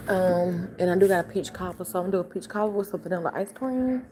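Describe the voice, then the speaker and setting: A woman's voice: on the low side, fast, few pauses, noisy background. An older woman hosting a late-night livestream from home, chatting in a sassy, casual way with her viewers while sleepy and yawning. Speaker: livestream host.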